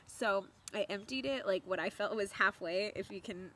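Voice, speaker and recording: A young woman vlogger telling a story to camera in a chatty, animated way, laughing often and repeating words for emphasis. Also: mid-range voice, normal speed, slight background noise.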